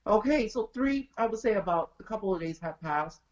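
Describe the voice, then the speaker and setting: A woman's voice: medium pitch, a little fast, highs cut off. A woman guest telling a story in casual chat, acting out each person's lines as she goes. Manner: animated, acts out dialogue in quotes.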